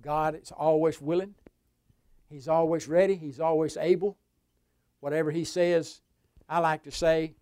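A man preaching a sermon, telling a personal story in a folksy way that swings from hushed to loud. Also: fairly high pitch, unhurried. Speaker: pastor. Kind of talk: sermon testimony.

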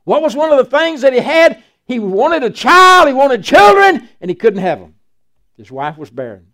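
A man's voice: very high voice, very animated, normal speed, pushed and bright. An older man, a pastor preaching a folksy sermon and acting out Bible dialogue.

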